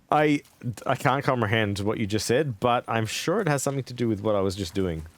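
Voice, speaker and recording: A man live-streaming a video game, chatting with viewers, excitable, laughing and swearing often. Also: medium pitch, normal speed.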